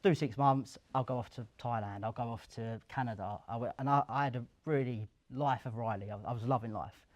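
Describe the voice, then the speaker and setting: A young man tells his story at a live event in an office. He is chatty and lively, slipping into the voices of the people he quotes. His voice sits at an ordinary middle pitch. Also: brisk, few pauses. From Essex, England. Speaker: guest, career switcher. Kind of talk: casual storytelling interview.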